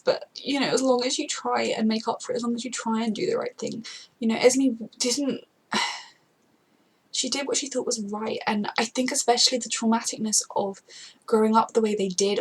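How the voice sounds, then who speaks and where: A woman's voice: a little high, breathy edge, rough recording. A woman talking casually in a reaction vlog, rambling and emotional, often breaking off mid-thought. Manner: rambling, emotional, self-interrupting. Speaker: TV show reactor.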